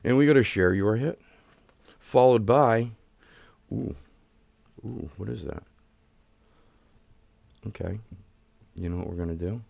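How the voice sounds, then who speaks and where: Man, card break host, rambling casual chatter, low voice, dry dull audio. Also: slow, gravelly, long pauses, darkish tone, no echo. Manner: chatty, rambling, hypes up the pulls.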